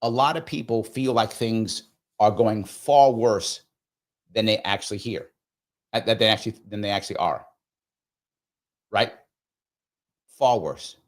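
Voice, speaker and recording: A man's voice: lowish voice, a little slow, long pauses. A middle-aged man hosting a live discussion show, talking casually and earnestly to his audience and sometimes acting out quoted dialogue.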